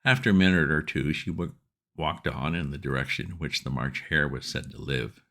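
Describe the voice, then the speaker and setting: A man reading a classic storybook aloud as narrator, lively and expressive. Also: a bass voice, moderate pace.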